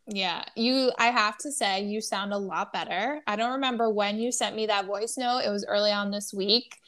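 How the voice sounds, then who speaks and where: A woman's voice: mid-range voice, fairly even intonation, normal speed, fairly bright tone. A woman co-hosting a casual podcast, upbeat and chatty. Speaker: podcast co-host. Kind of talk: casual chat.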